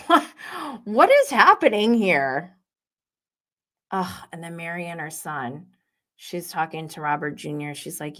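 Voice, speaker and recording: A young woman hosting a live recap show, talking in an unhurried way and often breaking into giggles. Her pitch swings widely, rising and falling as she reacts. She reads viewer comments aloud between her own remarks. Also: expressive, a bit bright. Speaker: host.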